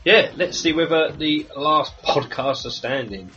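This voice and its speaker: Male podcast host, fairly high voice, playful, dull lo-fi sound, faint music. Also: animated, a little slow, sharp tone. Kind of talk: casual podcast chat.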